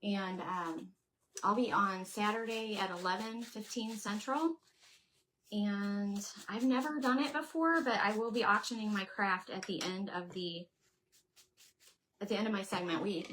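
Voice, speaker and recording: A woman's voice: mid-range voice, lively intonation, normal speed, sharp tone, slight background noise. A woman hosting a casual crafting livestream, chatting away and thinking aloud as she works and answers her viewers. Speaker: craft channel host.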